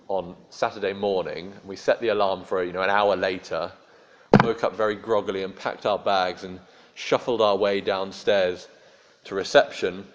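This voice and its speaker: A man preaching a sermon in a conversational storytelling way with dry humor. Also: fairly low pitch. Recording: dull lo-fi sermon recording.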